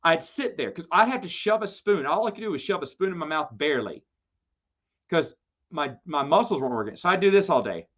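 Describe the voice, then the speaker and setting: Animated man telling stories on a stream. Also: a little high, a little fast. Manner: animated storytelling, lively and playful. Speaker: host of live Q&A stream. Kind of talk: casual livestream chat. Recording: dull lo-fi stream audio.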